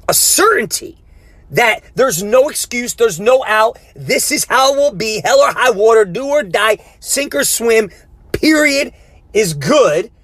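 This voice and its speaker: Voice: mid-range voice, dry recording. A life coach giving a motivational podcast talk, with an emphatic, repetitive rallying cadence and preacher-like direct exhortation to the listener.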